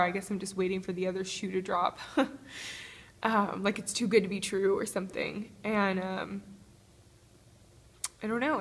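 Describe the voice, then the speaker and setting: Woman, tearful, halting, nervous laughs, confessional vlog, phone held close, small gym. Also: medium pitch. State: tearful, crying. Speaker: vlogger. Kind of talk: emotional personal video diary. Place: small apartment-complex gym, indoors. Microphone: phone held to the face.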